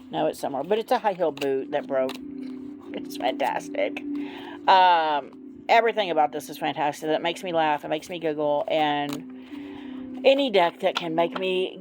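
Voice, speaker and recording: A middle-aged woman reviewing tarot decks in a casual, gushing vlog, giggling often and using plenty of fillers. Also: low-pitched. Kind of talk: casual show-and-tell vlog. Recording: noticeable background noise.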